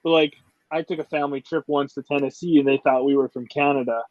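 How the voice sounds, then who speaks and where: A man's voice: a little high, steady tone, fast talker, a little mellow, no room sound. Upper Michigan man hosting a chat. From Upper Michigan, USA. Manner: easygoing, asks follow-up questions. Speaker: podcast host. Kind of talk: casual interview chat. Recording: dry, muffled lo-fi audio.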